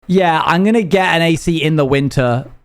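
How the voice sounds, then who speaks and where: A man's voice: a little high, moderate pace, smooth. A British man from the UK chatting casually on a live stream, rambling as he reads chat messages aloud and answers them. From United Kingdom.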